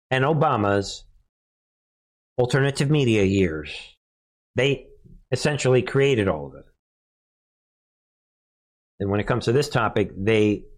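A man hosting a casual political commentary show, sarcastic and laughing often as he reacts to headlines. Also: mid-range voice. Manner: sarcastic, laughs often, mocking put-on voices.

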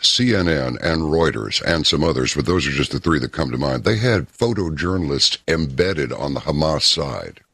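A man hosting a talk show, telling stories and giving opinions in a folksy, unhurried way. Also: rumbling low, vocal fry, fairly bright tone, breathy edge, dry recording. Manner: folksy, opinionated, storytelling with pauses. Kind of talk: casual talk radio commentary.

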